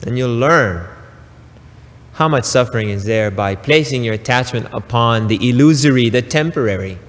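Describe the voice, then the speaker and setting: Slow, emphatic male spiritual teacher. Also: medium pitch, in a large hall. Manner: slow, emphatic preaching with long pauses and asides. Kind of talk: recorded spiritual talk.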